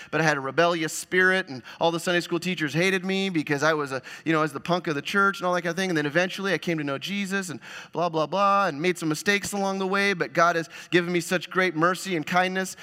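A man preaching a sermon as pastor, swinging between loud exclamations and soft, hushed lines. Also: sits high. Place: church sanctuary.

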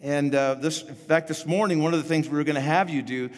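A man's voice: fairly high pitch, quick pace. A man in his fifties preaching a sermon as pastor, casual and rambling with frequent restarts. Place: church sanctuary. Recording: echoey church hall.

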